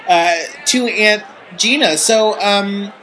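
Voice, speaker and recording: A man's voice: sits high, slow, crowd noise, rough recording. A man co-hosting a comedic mock talk show and speaking hesitantly, with lots of fillers. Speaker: co-host.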